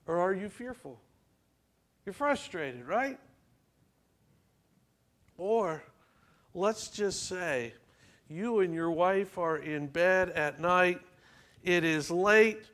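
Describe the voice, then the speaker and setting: A pastor preaches a sermon in a church, speaking conversationally and putting questions to the congregation. His voice sits high with a fairly bright tone.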